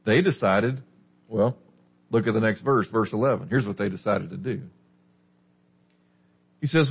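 A man's voice: lowish voice, measured pace, gravelly, pauses often, husky, highs cut off. A man preaching a sermon as a pastor, teaching a small group with questions in a conversational way. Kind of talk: sermon, Bible study.

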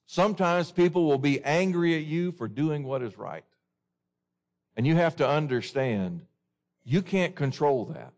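A man's voice: medium pitch, a little mellow. A man preaching a sermon in an earnest way, often asking his listeners questions.

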